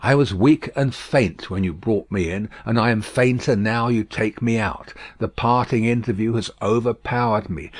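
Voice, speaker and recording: A man's voice: lowish voice, slightly rough, no room sound. A man reading an audiobook, voicing a desperate, commanding man in a prison cell who speaks urgently and sternly.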